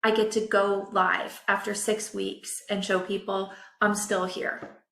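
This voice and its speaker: A woman coach, a podcast guest, telling a personal story in a candid, emotional, expressive way. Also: mid-range voice, measured pace, vocal fry, echoey room.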